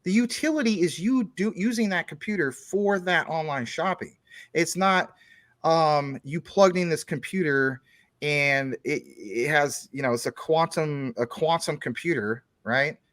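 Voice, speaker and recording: A man's voice: fairly high pitch, a little slow, fairly bright tone, no room sound, clean studio sound. A man talking as a guest on a casual chat show, explaining things at length through long everyday analogies.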